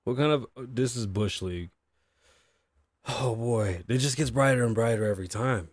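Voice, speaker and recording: This podcast host runs his own livestream, rambling casually to chat and to himself and swearing frequently. His voice is mid-range and moves at normal speed, though it sounds tired and ragged, captured in a dry, studio-quality recording.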